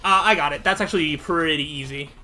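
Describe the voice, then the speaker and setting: Let's play host, man, casual gameplay chatter, bright and slightly high. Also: fast, faint music behind. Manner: animated, thinks out loud. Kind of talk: casual gameplay commentary and reading game text aloud.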